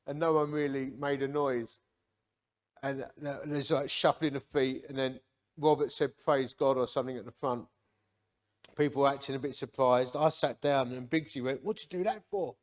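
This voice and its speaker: A man, giving a lively, jokey personal testimony to a men's gathering and acting out the people in it. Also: mid-range voice, normal speed. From Hornchurch, England. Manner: lively, jokey, acts out quotes.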